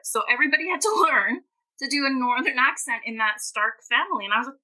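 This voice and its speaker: A woman's voice: sits high, animated, quick pace, bright, forceful tone, rough recording. A woman, a guest author and language teacher, talking emphatically and at length in a podcast interview. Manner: passionate, emphatic and talkative.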